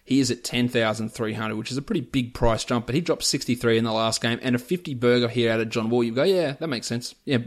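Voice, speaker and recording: Chatty man rattling off sports stats. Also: medium pitch. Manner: rattles off player stats and prices in a chatty, opinionated way. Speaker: fantasy basketball podcast host. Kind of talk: casual podcast analysis.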